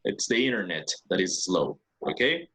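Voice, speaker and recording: A man's voice: low voice, big pitch swings, moderate pace, pushed and bright. A man teaching an English class online, switching between Spanish and English and explaining patiently step by step, checking often that students follow.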